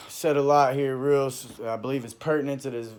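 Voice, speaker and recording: A man telling his own story into a phone in a halting, heated monologue, full of restarts and trailing off. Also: mid-range voice, steady tone, darkish tone, smooth. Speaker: vlogger recounting a personal dispute. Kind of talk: unscripted personal monologue.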